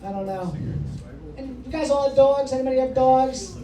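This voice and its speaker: A brash, foul-mouthed male stand-up comedian with a very high, mellow voice works the crowd at normal speed, teasing the audience in a comedy club. The live recording is noisy and echoey, picked up by a distant mic.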